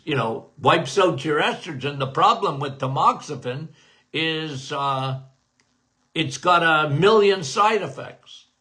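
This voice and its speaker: A man's voice: a little high, bright, forceful tone. A middle-aged man hosting a health Q&A podcast, talking casually and repeating phrases for emphasis as he addresses his listeners as guys. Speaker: podcast host, doctor.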